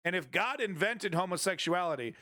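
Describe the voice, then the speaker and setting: A man's voice: high voice, animated, fairly quick, sharp tone, dry recording. A man commenting on news during a livestream, talking in a crude, irreverent and mocking way.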